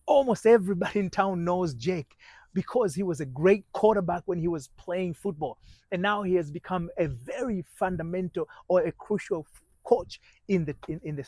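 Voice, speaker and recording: A man coaching on marriage, telling a story in halting sentences with many restarts and dropping to a hushed voice at tense moments. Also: on the high side, no room sound, poor audio. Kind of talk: motivational storytelling talk.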